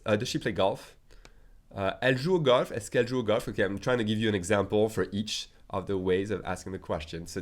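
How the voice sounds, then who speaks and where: A man with a French accent, a native French speaker teaching a casual language lesson, who says his example sentences slowly and keeps checking in with "okay?". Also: lowish voice. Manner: slow deliberate pronunciation of French examples, frequent "okay?" check-ins.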